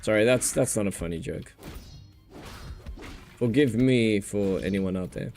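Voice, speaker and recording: A man with a New Zealand accent chats loosely on a gaming livestream, his voice sitting a little low. He rambles from one thought to the next and keeps things jokey. Faint music plays behind him. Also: a little slow, a little mellow. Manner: rambling and jokey, often laughing. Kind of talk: casual livestream chat.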